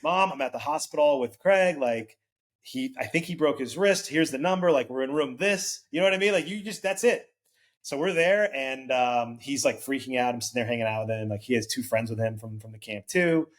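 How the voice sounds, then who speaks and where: Man, 40s, podcast guest; casual rambling storyteller, mid-pitched, acts out quoted lines. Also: fairly quick. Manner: rambling, filler-heavy, acts out quoted voices.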